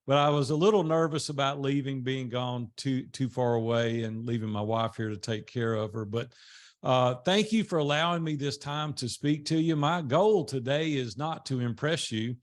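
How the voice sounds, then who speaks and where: A man's voice: medium pitch, normal speed. Folksy Southern older man. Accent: Southern US, Tennessee. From Nashville, Tennessee. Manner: folksy storytelling with fillers. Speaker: guest speaker. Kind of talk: motivational talk.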